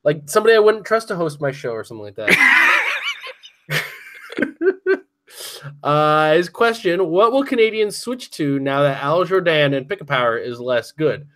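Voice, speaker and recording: A man's voice: on the high side, expressive, moderate pace, long pauses, sharp tone. A man hosting a casual podcast, teasing his co-hosts and laughing at his own jokes. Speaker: podcast host.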